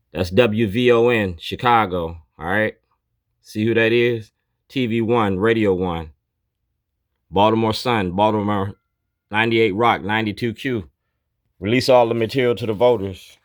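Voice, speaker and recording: A man's voice: fairly low pitch, no echo, clean studio sound. A man, an activist, walking through his documentary and pointing things out one by one in a blunt, declarative way. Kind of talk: narrated documentary walkthrough.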